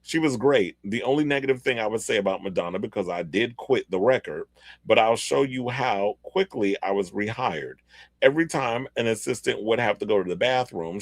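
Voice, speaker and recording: Low-voiced man hosting a chatty podcast. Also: dry recording. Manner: chatty, reads article excerpts aloud with asides. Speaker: podcast host. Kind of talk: casual pop-culture commentary.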